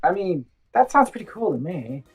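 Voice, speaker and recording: A woman's voice: lowish voice, sing-song, normal speed, a little mellow, slightly rough, faint music behind. Chatty woman playing a tabletop game. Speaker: player.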